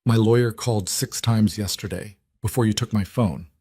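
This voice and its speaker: A man's voice: fairly low pitch, normal speed, dark tone, husky, no room sound, clean studio sound. A man voicing a weary, exhausted woman executive with a strained, pleading manner.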